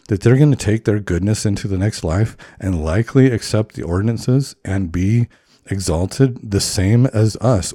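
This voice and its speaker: A man's voice: on the low side, mellow, no room sound, studio quality. A man speaking in an earnest, encouraging way about faith, like a reflective podcast talk.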